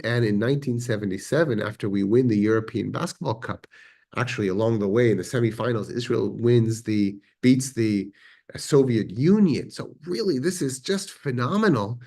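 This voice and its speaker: In a synagogue classroom, a man teaching adult education gives a history lecture in a conversational way, full of fillers and self-corrections. His voice is medium-pitched and a little mellow.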